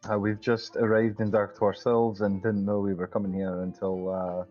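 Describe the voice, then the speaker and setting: Guy role-playing his character in a tabletop game, lowish voice, friendly and hesitant, dull lo-fi mic. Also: little pitch movement, normal speed. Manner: friendly and hesitant, with many fillers. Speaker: player.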